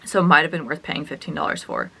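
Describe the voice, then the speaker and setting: Young woman chatting through a storytime, kinda low voice but really bright and sharp. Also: fast talker, creaky, breathy edge. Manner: chatty, animated retelling with quoted dialogue. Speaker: reseller vlogger. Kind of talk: storytime vlog.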